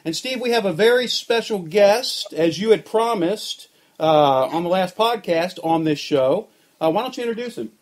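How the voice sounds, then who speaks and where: A man co-hosts a casual podcast in a noticeably high voice. He is easygoing and chuckles often as he steers the conversation. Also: animated, moderate pace. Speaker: podcast co-host. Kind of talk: casual interview chat.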